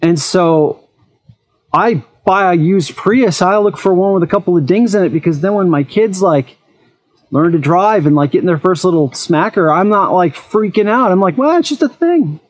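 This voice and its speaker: A man's voice: high-pitched, normal speed. A man hosting an eFoil channel, talking frankly in a casual monologue and telling personal stories.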